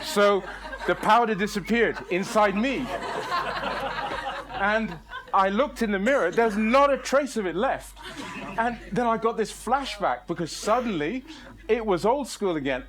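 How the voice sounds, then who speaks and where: A middle-aged man spins a comic tale on stage with a somewhat high voice. He talks in an animated, exaggerated way, laughing through his own lines as he goes. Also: moderate pace. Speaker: storyteller. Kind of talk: comic live storytelling. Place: storytelling stage.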